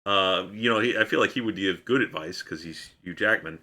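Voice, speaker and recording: A man's voice: low voice, fairly quick, sharp tone. A male streamer chatting casually on a live stream, full of rambling, self-mocking asides.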